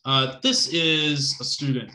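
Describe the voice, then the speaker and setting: A man's voice: mid-range voice, takes it slowly, bright, forceful tone. Chatty male instructor in an echoey room. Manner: casual, conversational, lots of fillers and "right?" checks; joking asides. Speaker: college instructor. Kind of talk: recorded class lecture.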